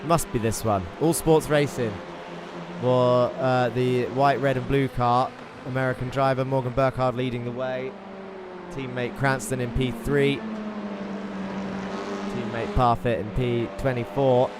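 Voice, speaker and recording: A man hosting live sim racing commentary in a chatty, excitable way, reading out viewer chat between the action. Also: medium pitch, measured pace. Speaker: race commentator and host. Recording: game car engine noise underneath. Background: racing car engine noise.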